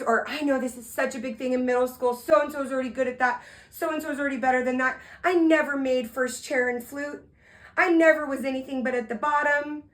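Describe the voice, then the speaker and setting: A woman host giving an energetic, heartfelt motivational talk, playful and upbeat with excited asides. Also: on the high side, rough recording.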